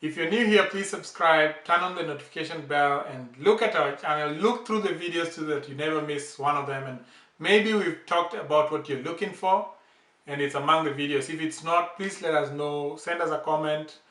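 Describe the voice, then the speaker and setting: A man hosting a language channel, patiently explaining words with slow, repeated examples. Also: a little high, pushed and bright. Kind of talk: casual language lesson. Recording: roomy echo, distant from the mic.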